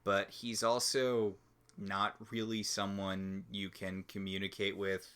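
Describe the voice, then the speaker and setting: A man's voice: fairly low pitch, level tone, slow, fairly bright tone, smooth. A man co-hosting a TV recap podcast in casual chat, chatty and rambling. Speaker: podcast co-host.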